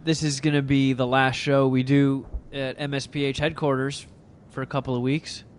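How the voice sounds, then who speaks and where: A man's voice: mid-range voice, little pitch movement, moderate pace, clean tone. A man co-hosting a casual podcast, teasing the others with crude jokes. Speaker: podcast co-host.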